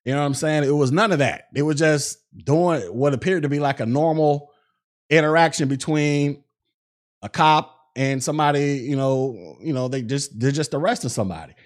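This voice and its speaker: Speaking at a normal speed in a fairly high voice, a man hosts a podcast and recounts events in casual commentary. The delivery is conversational, packed with fillers and acted-out quotes.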